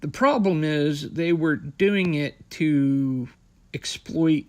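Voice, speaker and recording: A man's voice: fairly high pitch, takes it slowly, a little mellow. A young man hosting a podcast, recapping wrestling in a blunt, sarcastic, profane way. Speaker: podcast host.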